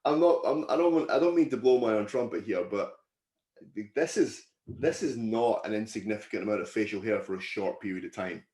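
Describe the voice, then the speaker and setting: A man's voice: lowish voice, a little fast, mellow. A man hosting a casual podcast, teasing and joking with his co-hosts. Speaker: podcast host. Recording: echoey room.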